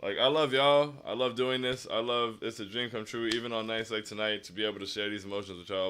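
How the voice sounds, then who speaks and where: A man's voice: lowish voice, steady tone, fast, few pauses, fairly bright tone, a little hiss or hum. Dejected man on a postgame stream. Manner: dejected, sighing, restarts often. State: down after a loss. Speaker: stream host. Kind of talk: postgame livestream reading chat comments.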